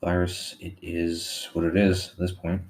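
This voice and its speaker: A man co-hosting a casual couch podcast, relaxed with dry, sarcastic humor. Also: low voice, unhurried, rough recording. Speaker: podcast co-host. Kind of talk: casual chat. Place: living room couch.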